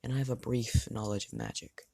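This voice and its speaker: A calm, self-assured young swordsman who wields ice magic, as a man storyteller puts him on. He speaks at a mid-range pitch, plainly and evenly. The sound is dry and close. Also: fairly quick, gravelly, no room sound.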